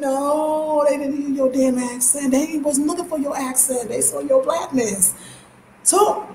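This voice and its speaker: A woman in her fifties with an African American accent, talking in an animated, emphatic way as a lifestyle channel host, with laughs and casual swearing. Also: high-pitched, a little slow, echoey room, a little hiss or hum, poor audio. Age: 50s. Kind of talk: casual monologue.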